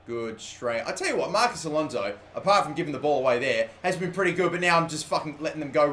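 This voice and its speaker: Brief: young man, gaming commentary, fairly high voice, excitable, curses a lot, echoey room with faint noise. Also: a little fast. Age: 20s. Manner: excitable, swears often, swings from shouting to muttering. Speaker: gaming YouTuber. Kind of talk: live gameplay commentary.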